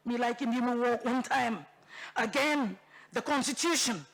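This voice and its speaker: Woman MP with a Bougainville accent, passionate parliamentary speaker, gravelly and forceful, mixes in Tok Pisin. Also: fairly high pitch, moderate pace. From Bougainville, Papua New Guinea. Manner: impassioned, emphatic, repeats phrases for force; switches into Tok Pisin phrases. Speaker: member of parliament. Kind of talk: parliamentary debate speech. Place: parliament chamber.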